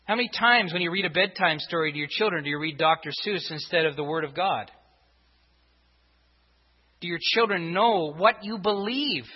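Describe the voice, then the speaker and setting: Preaching at a normal pace in a husky, high voice, a pastor addresses his congregation and returns again and again to rhetorical questions. The church sanctuary setting leaves the recording dull and reverberant.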